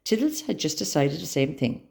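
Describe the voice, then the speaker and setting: A woman reading a children's story aloud with expressive, dramatic storytelling. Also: deep voice, moderate pace, gravelly.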